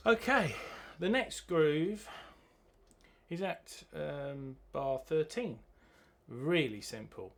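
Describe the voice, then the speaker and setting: A man's voice: a little high, animated, drawn-out words, over loud music. A man teaching a drum lesson, chanting rhythm words as he plays. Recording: loud drumming behind the voice. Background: drum kit playing.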